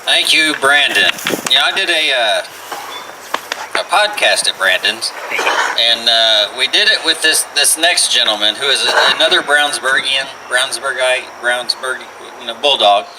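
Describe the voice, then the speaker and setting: A man's voice: medium pitch, unhurried. Host guy rambling intros, far from mic, lots of noise. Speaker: show host. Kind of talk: casual introduction and banter. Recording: distant mic with loud noise.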